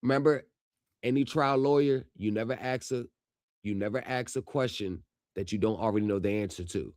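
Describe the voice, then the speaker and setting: A man live-streaming reactions to court footage, talking straight to his viewers and shouting at the screen. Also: on the low side, moderate pace, no echo, clean studio sound. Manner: heated, yells at the screen; addresses viewers directly.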